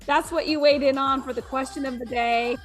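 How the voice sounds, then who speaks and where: A woman's voice: high voice, fairly even intonation, a little fast, faint music behind. A woman co-hosting a morning radio show, chatting casually and laughing often.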